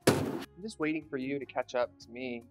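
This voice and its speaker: A man's voice: mid-range voice, moderate pace, over loud music. A man hosting a casual cooking chat in a home kitchen, tipsy and playfully teasing his guest. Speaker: host.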